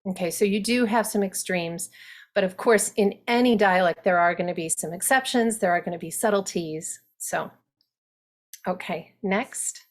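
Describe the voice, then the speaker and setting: A woman dialect coach giving an instructional talk for actors, explaining things in a deliberate, thinking-aloud way. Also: medium pitch.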